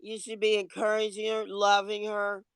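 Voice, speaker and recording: A woman's voice: mid-range voice, completely flat delivery, normal speed, smooth, no echo. A woman hosting a livestream, lecturing her viewers in a blunt, casual way and swearing now and then. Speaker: livestream host. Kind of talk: livestream rant.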